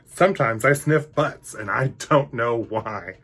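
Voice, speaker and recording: A man's voice: mid-range voice, unhurried, a bit bright, husky. A man reading a storybook aloud, voicing a goofy, good-natured male dog who blurts things out eagerly.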